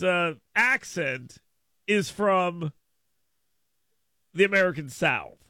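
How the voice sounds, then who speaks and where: A male radio host chatting casually on air, telling a story with lively jumps in pitch and loudness for emphasis. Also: no room sound. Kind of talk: casual talk radio monologue. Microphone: studio microphone.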